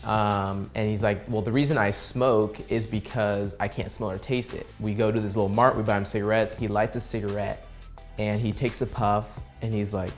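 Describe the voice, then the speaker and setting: A man's voice: lowish voice, moderate pace, soft background music. A young man vlogging about a trip, telling the story earnestly and acting out what people said. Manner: earnest, animated storyteller who acts out quoted dialogue. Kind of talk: casual travel vlog storytelling.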